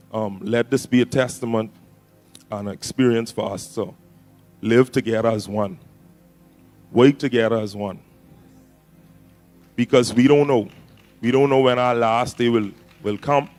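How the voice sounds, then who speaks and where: Slow, grieving man giving a tribute. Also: mid-range voice, steady tone, a little mellow, soft background music. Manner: halting, with pauses and fillers. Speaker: mourner at a funeral. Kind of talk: funeral tribute.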